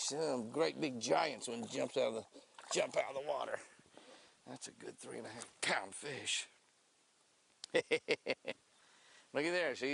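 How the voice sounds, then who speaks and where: A man's voice: mid-range voice, gravelly, slight background noise. An older man hosting a fishing show outdoors on a lake, talking in a folksy, chatty way. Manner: folksy, excitable, laughs and whoops when fish bite. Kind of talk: casual outdoor fishing demonstration.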